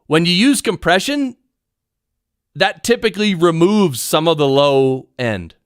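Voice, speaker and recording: Excitable man teaching podcast audio. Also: fairly high pitch, a little slow, clear, resonant tone, no room sound, studio quality. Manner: rambling, excitable, self-interrupting. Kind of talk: live-streamed audio lesson. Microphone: studio mic through audio recorder.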